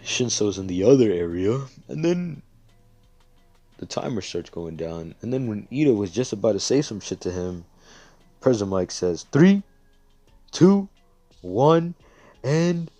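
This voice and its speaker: A man's voice: lowish voice, mellow, no room sound. A man casually narrating a fan story in a loose, sweary way with filler asides. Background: faint background music.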